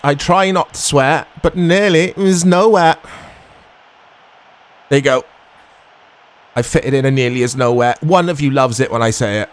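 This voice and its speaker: A man in his thirties casually commentating his own football video game, chatty and quick to get excited. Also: mid-range voice. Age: 30s. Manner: chatty, easily excitable, self-deprecating. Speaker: gaming YouTuber.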